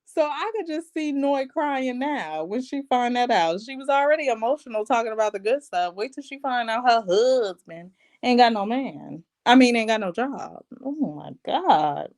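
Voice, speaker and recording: A young woman with a somewhat high voice runs a casual vlog reviewing reality TV. She talks with sass and slang, jumping into playful voices whenever she quotes the cast. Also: normal speed. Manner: sassy, animated, slangy, acts out quotes.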